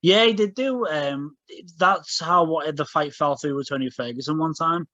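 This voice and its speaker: A man's voice: a little high, normal speed, bright, forceful tone, no echo. A man co-hosting a podcast in casual chat, rambling with many fillers and restarts. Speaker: podcast co-host. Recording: dull lo-fi podcast audio.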